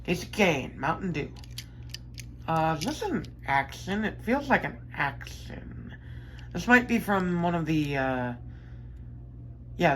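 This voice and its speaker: Woman rambling excitedly while unboxing toy cars, lowish voice, bit of room hiss. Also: rough recording. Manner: enthusiastic, chatty, rambling with fillers and self-corrections. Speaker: diecast collector vlogger. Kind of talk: casual unboxing chat. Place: bedroom.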